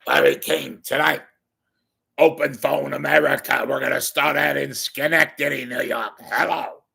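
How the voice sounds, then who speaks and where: A man doing an impression of an older male call-in talk show host who takes calls briskly and dismisses callers. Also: medium pitch, fairly even intonation, creaky, pushed and bright, slightly rough, voice pushed up, full character voice. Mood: announcing.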